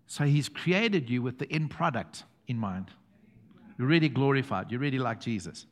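A middle-aged South African man preaching a sermon as pastor, telling stories with chuckles and quiet emphatic asides. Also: medium pitch, expressive, normal speed. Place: church hall. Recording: long hall reverb.

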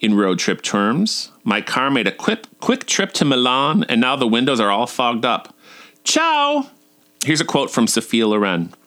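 Male podcast host, forties, reads his own blog, campy and self-deprecating, very lively pitch. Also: normal speed, few pauses. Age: 40s. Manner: campy, self-mocking, with high squeaky outbursts. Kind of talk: reading a blog post aloud.

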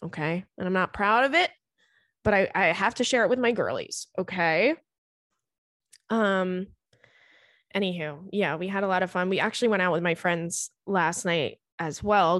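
A woman's voice: medium pitch, moderate pace, fairly bright tone, no echo, studio quality. A young adult woman hosting a podcast, chatting casually and swearing freely as she tells funny stories. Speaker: podcast host. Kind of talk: casual chat.

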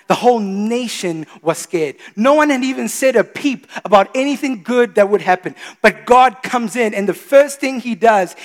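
A man in his thirties preaching a sermon, animated, swinging between quiet confiding asides and loud exclamations. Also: high voice. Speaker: pastor. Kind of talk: sermon with storytelling. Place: church. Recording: reverberant church hall.

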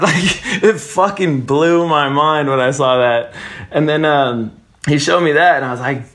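A man's voice: on the high side, fairly quick, a bit bright. A man telling stories in a casual interview, swearing freely and laughing often between lines. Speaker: guest skater.

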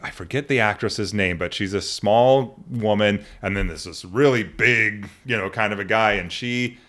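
A man's voice: lowish voice, normal speed, fairly bright tone. A man hosting a podcast, chatting casually, joking and laughing often, with frequent restarts. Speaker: podcast host. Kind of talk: casual chat.

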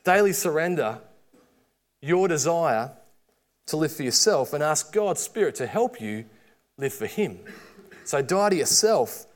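A middle-aged man with an Australian accent preaching a sermon, with lively storytelling and quoted asides. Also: fairly high pitch, measured pace, long pauses.

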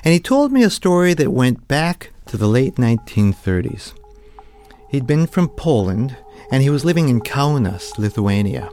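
A man's voice: medium pitch, big pitch swings, normal speed, a little mellow, soft background music. A man, a professional storyteller, narrating a personal story vividly and slipping into the voices of the people he quotes.

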